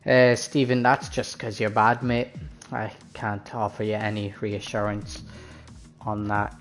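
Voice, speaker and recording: A man's voice: lowish voice, monotone, unhurried, soft background music. A man hosting a sim racing league stream on his own, chatting casually with viewers and drivers before the race.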